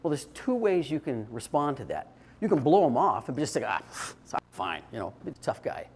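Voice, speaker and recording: A man's voice: fairly high pitch, sing-song, a little fast, darkish tone, a little hiss or hum. An older man giving a short, informal talk to an audience, telling stories in a conversational way with restarts and fillers. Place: indoor event space.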